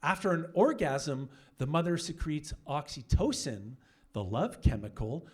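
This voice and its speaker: A young man doing a stand-up comedy set on a club stage, brash and profane, telling animated stories into a handheld mic. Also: a little high, measured pace. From Canada.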